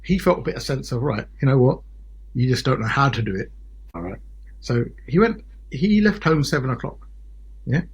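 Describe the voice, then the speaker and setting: A man in his forties from Britain, a solicitor telling his story as a podcast guest in an animated way, often checking in with "yeah?" and "right?". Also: medium pitch, moderate pace, pauses often, husky. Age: 40s. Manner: animated, peppered with tag questions like "yeah?" and "right?". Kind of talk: casual podcast interview storytelling.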